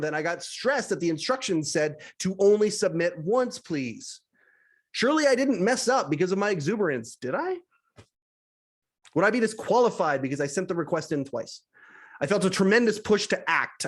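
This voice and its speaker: A man from western Canada, a podcast host, reading a personal essay aloud with animated storytelling and wry asides. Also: high-pitched. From British Columbia, Canada.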